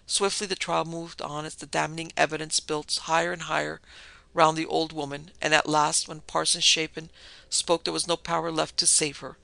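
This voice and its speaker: Guy reading a story, a bit high, gravelly voice. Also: level tone, normal speed, pushed and bright, no room sound. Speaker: narrator. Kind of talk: storybook narration.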